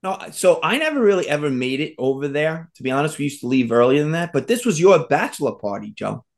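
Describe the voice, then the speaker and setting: A man's voice: a little high, sing-song, quick pace. A man in casual chat among friends, adding corrections and details to a story.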